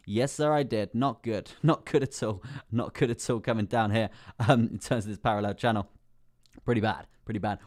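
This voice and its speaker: A man's voice: lowish voice, fairly quick. A young man hosting a casual crypto live stream, chatting with viewers, reading their names aloud and laughing often. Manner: chatty, reads chat names aloud, many fillers and laughs.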